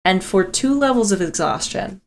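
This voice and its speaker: A woman's voice: lively intonation, normal speed, creaky. Intense woman narrating a tabletop game. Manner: intense, swears freely, drops low for solemn moments. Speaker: game master.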